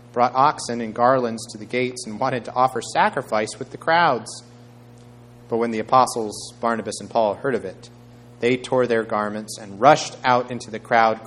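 A man preaching a sermon, reading scripture aloud in a measured way and raising his voice for quoted speech. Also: mid-range voice, a bit bright, slight background noise. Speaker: pastor.

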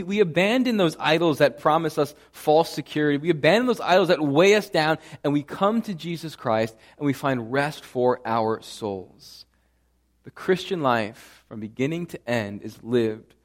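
A pastor preaching a sermon with earnest conviction, repeating phrases and building to emphatic passages. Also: male voice, medium pitch.

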